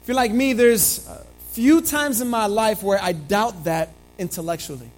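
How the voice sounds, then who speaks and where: A middle-aged man preaching a sermon in a church, his voice slightly hoarse, talking earnestly and conversationally with frequent restarts. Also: high voice, normal speed, faint music behind, rough recording. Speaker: pastor. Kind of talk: sermon with opening prayer. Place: church sanctuary.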